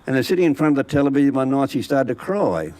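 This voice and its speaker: A man's voice: mid-range voice, expressive, fast, darkish tone, low-quality recording. A man, a bush poet telling comic yarns and reciting funny poems in a folksy, chuckling way. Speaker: bush poet and yarn teller.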